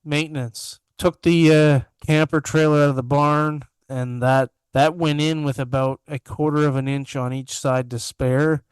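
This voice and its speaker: Over a remote video-call mic in his home master bedroom, a young man co-hosting a podcast trades sarcastic, self-mocking banter in casual chat. His fairly high voice stays fairly even, moving a little slowly with few pauses, and the sound is clean and dry.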